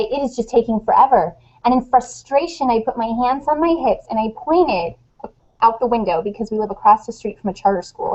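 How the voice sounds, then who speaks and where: Woman, fairly high voice, animated storyteller, dull lo-fi webcast sound. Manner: animated storyteller, acts out quotes. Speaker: guest author. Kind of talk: casual webcast chat.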